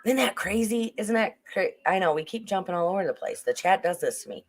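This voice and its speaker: A livestream host talks through a true-crime case in a loose, rambling way. The speaker often restarts sentences and breaks off to answer the chat. The voice sits at a middle pitch. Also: animated, a little fast.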